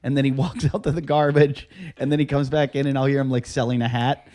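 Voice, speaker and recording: A man's voice: mid-range voice, little pitch movement, fast talker, darkish tone. Rambling podcast co-host man. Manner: rambling storyteller, quotes others. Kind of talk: casual banter.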